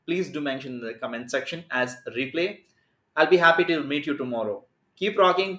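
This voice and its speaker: A man, a communication skills coach teaching a live lesson in an energetic, emphatic way. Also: fairly high pitch, echoey room. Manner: energetic, emphatic, plays with stress and pace.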